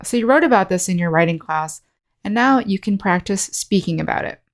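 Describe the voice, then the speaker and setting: A woman English teacher giving a scripted online speaking lesson, explaining slowly and clearly with example sentences. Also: medium pitch, expressive.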